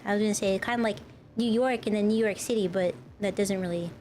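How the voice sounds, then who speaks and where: A woman's voice: medium pitch, fast talker, a little mellow, slight background noise. A woman streamer in casual live-stream chat, rambling and talking to her viewers. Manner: rambling, chatty, talks to chat.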